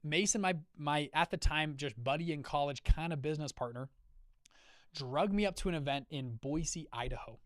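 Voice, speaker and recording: A man hosting a live call, telling a personal business story in a conversational way, acting out quoted dialogue with lively shifts. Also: on the high side, normal speed, no echo, studio quality. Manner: energetic, acts out quoted dialogue with shifting voices; conversational, many fillers and check-ins. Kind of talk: storytelling talk to an audience.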